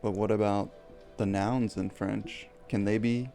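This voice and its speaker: A man's voice: on the low side, steady tone, measured pace, creaky, dark tone, faint music behind. A man co-hosting a casual podcast chat, laid-back and asking questions. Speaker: podcast co-host.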